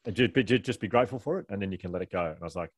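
A fast, rambling man with a somewhat low voice, laughing at himself as he talks. The sound is dry and close, with no room echo. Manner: fast, rambling, self-deprecating, laughing often. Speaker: guest author. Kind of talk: candid conversational storytelling.

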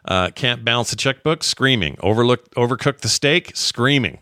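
A man in his fifties, co-hosting a podcast, chatting casually and telling stories with jokes and lively asides. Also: mid-range voice, normal speed, dry recording, clean studio sound. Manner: jokey, animated storyteller. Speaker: podcast co-host. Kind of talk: casual chat.

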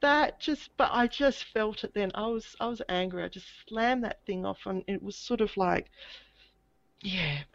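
A woman telling a personal story in a halting, hesitant way, with many restarts. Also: mid-range voice, no echo, dull audio. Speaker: guest. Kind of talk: casual recounting of a personal experience.

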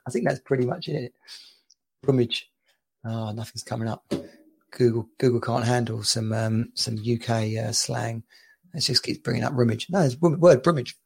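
A gravelly, creaky-voiced man hosting a relaxed podcast, with a mid-pitched voice. He tells stories with laughter and lots of restarts. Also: normal speed. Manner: chatty, laughing storyteller with many restarts. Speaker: podcast host. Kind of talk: casual chat. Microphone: home podcast mic.

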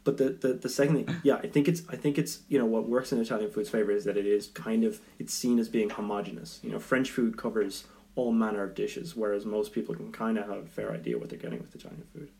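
A man in a casual comedic chat, speaking in a measured way and laughing easily. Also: fairly low pitch, creaky, darkish tone.

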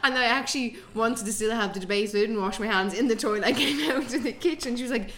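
Bright-voiced Irish woman in her twenties. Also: on the high side. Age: 20s. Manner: laughs often, easygoing, quick asides. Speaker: guest. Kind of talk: casual chat.

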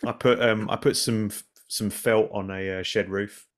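A man co-hosting a casual podcast chat, rambling through anecdotes and getting animated as he laughs. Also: on the low side, moderate pace. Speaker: podcast co-host.

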